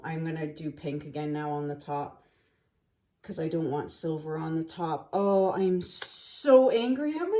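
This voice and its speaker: A woman's voice: low-pitched, unhurried, dark tone, slight background noise. A woman talking casually as she paints, thinking aloud and scolding herself over mistakes. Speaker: acrylic pour artist. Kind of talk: casual talk while painting.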